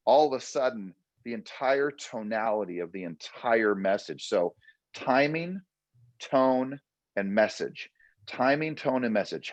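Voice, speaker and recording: A man's voice: on the low side, animated, a little slow, no room sound, muffled recording. A man hosting a real estate training session, coaching with emphatic, repetitive punchy phrases. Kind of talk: motivational coaching talk.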